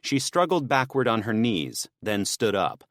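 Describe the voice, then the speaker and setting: Low-voiced male audiobook narrator. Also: very animated, a little slow, fairly bright tone, no echo, clean studio sound. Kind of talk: scripted narration.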